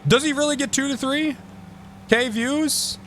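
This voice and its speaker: A man streaming live, chatting casually with an excitable, profane manner and mock-outraged outbursts. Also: extremely high pitch, unhurried, a little hiss or hum.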